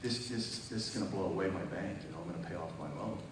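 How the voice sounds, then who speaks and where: A man with a fairly low voice preaches a testimony sermon, telling his story with acted-out dialogue and building to loud, emphatic peaks. He is picked up from a distance in a very echoey church hall. A clear hiss of room noise sits under his voice. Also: fast. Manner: storytelling, acts out phone calls, rises to loud emphatic peaks.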